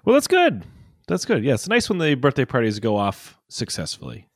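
Lively, animated male podcast co-host. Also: medium pitch, brisk, no echo, clean studio sound. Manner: responsive listener, lively interjections. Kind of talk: casual chat.

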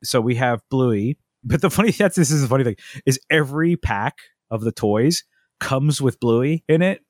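A man's voice: mid-range voice, expressive, moderate pace, no echo, clean studio sound. A man, chatting casually as a podcast co-host and telling long stories with many restarts and asides. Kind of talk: casual chat.

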